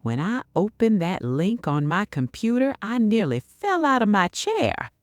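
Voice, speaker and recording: A middle-aged woman with a Southern US accent narrates a first-person story in a folksy way, calling the listener "honey." Her medium-pitched voice is very animated and a little slow, with no room sound.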